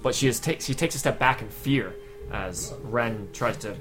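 A man's voice: medium pitch, normal speed, music in the background. A man narrating a tabletop game as game master, in a casual way with fillers.

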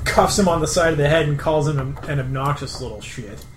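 A man's voice: on the high side, brisk. A man playing a tabletop game, describing his character's actions in third person. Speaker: player. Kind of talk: casual tabletop play. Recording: echoey room with noise.

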